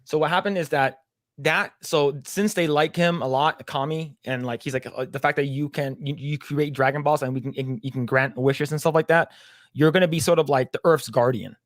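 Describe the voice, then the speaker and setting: A man on a podcast rambles through a long cartoon plot, his voice a little higher than most and recorded dry and close. He keeps acting out the characters' lines and swears freely as he goes. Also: fairly even intonation, a little fast, no echo. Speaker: podcast co-host. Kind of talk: casual chat, retelling a cartoon plot.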